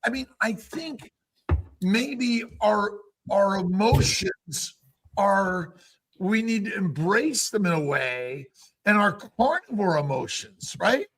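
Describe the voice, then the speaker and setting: A man's voice: sits high, expressive, slow, a bit bright. A man hosting a casual talk, musing in a rambling, reflective way with many restarts. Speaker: host. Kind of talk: casual conversation.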